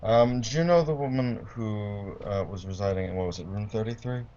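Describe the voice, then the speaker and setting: A man's voice: on the low side, fairly quick, mellow. A man playing in a tabletop game, asking questions in a polite, hesitant way. The audio is muffled and lo-fi. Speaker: player.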